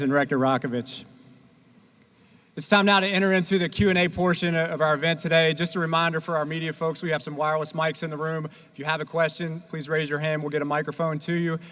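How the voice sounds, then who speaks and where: A man's voice: fairly high pitch, a bit bright. A man moderating a press conference, making formal announcements in a procedural way. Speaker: event moderator. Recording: reverberant hall sound.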